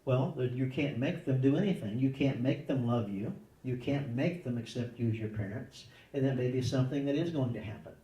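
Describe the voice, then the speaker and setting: A man's voice: mid-range voice, fairly quick, hardly any pauses, mellow, roomy sound, distant mic, muffled recording. A man answering parenting questions in a conversational way, acting out little dialogues in changing voices. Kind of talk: conversational advice talk.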